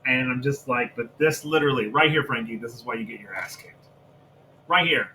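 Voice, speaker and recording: A man's voice: medium pitch, brisk, pushed and bright, slight background noise, poor audio. A man co-hosting a wrestling review podcast, ranting heatedly and with lots of profanity about a storyline. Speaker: podcast co-host. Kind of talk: casual wrestling review chat.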